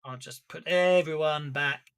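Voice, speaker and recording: A man's voice: on the high side, fairly bright tone, smooth. A male game master narrates a tabletop session over an online call. He stops and starts, stumbles over his fillers and breaks into laughter often. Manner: halting, full of fillers and restarts, laughs often.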